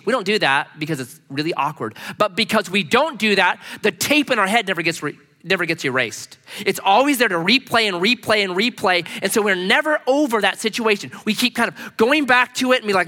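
A male pastor delivers a sermon in a lively, conversational way, slipping into voices for the people he quotes. His voice sits a little high and sounds bright and forceful. The sound rings with the long reverb of a church hall. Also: fairly quick, few pauses. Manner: animated, acts out quoted speech, casual slangy asides. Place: church sanctuary.

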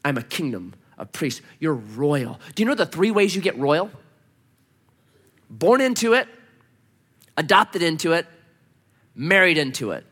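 Male pastor, sermon, lively swooping voice, fairly high, storytelling, emphatic. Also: unhurried, long pauses. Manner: animated, humorous storytelling, emphatic repetition.

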